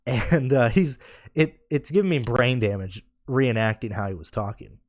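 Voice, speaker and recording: A man's voice: medium pitch, normal speed, darkish tone, dry recording, studio quality. A man ranting in a casual podcast, blunt and sarcastic, swearing freely and rambling with restarts. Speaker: podcast host. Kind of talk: casual rant.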